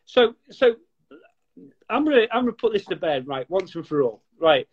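A man's voice: high-pitched, big pitch swings, normal speed, slightly rough, muffled recording. A man from near Liverpool with a Scouse-sounding northern English accent, a blunt, profane guest chatting on a live video call. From northwest England, near Liverpool. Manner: blunt, profane, banter-heavy. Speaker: guest gecko breeder. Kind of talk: casual, sweary live chat. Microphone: webcam on a live video call.

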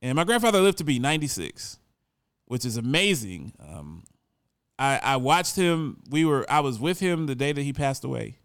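A man's voice: mid-range voice, sing-song, normal speed, fairly bright tone, clean tone, dry recording, clean studio sound. A man in his forties telling a personal story in a casual, earnest and reflective way, often repeating words as he goes. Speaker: storyteller remembering his grandfather.

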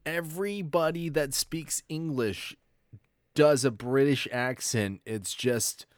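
An Australian man in casual podcast banter, at a middle pitch. His delivery is blunt and loose, with frequent swearing. The recording is dry and close. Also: slow, dry recording. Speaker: podcast co-host. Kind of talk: casual chat.

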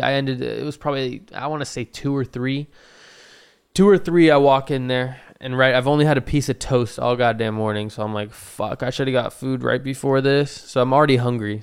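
A man's voice: mid-range voice, fairly even intonation, a little fast, gravelly, clean tone. A man in his twenties casually telling a rambling, profane story about his own day, with self-deprecating asides.

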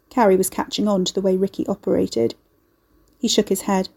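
A woman narrating a dark fantasy story in an expressive audiobook reading. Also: medium pitch, moderate pace, breathy edge.

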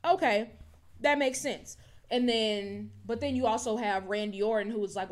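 A woman co-hosting a podcast, chatting casually and animatedly about wrestling, with lots of "like" and "low-key". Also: normal speed. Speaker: podcast co-host.

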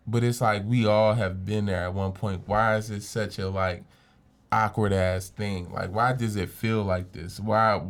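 Animated young man telling stories. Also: lowish voice, unhurried. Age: young adult. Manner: animated storyteller, swears freely, acts out quotes. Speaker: podcast co-host. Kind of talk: casual chat.

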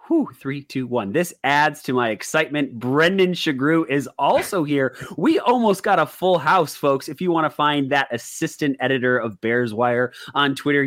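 A man hosting a casual sports podcast, upbeat and chatty with quick asides. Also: medium pitch, fairly bright tone. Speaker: podcast host.

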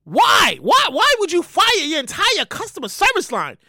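A woman hosting her own show, ranting in a loud, profane, animated way with sudden shouted bursts. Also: very high voice, moderate pace, dry recording, clean studio sound. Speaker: show host. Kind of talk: solo comedic rant.

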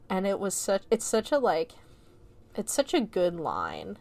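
A woman recaps a film she has just watched in a loose, conversational way. Her talk rambles from one point to the next, full of "like" fillers and casual swearing. Her pitch sits in an ordinary middle range for a woman. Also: wildly swooping pitch, a little slow, gravelly, darkish tone. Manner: chatty, rambling, frequent "like" fillers and profanity. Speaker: film reviewer.

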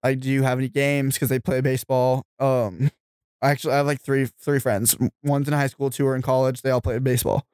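Young man, casual chat, ranting and cursing, clear tone, dry close sound. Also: mid-range voice, little pitch movement, fairly quick, darkish tone, dry recording. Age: young adult. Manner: ranting, profane, gets heated.

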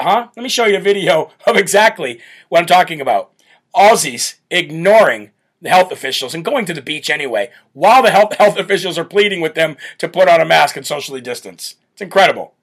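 A man hosting a live political talk show, brash and loud, often breaking into laughter. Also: high-pitched, animated, brisk. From United States. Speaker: show host.

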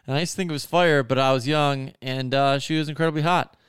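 A man's voice: medium pitch, fairly even intonation, quick pace, a bit bright, clear, resonant tone, dry recording, studio quality. A man telling a long story in a casual, rambling way, swearing often and full of fillers. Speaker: podcast co-host telling a story.

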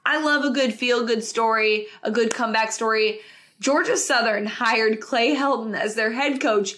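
A woman co-hosting a casual sports talk show, animated and quick, with lots of "like" in her speech. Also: on the high side, slight background noise. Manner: animated, quick asides, frequent "like". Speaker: podcast co-host.

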